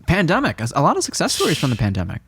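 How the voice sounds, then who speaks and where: A man hosts a casual interview, his pitch moving around a lot as he talks. He restarts his questions often and fills the gaps with short sounds of agreement. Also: huge pitch swings, racing, fairly bright tone, slight background noise. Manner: short backchannels, stammering restarts. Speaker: podcast host.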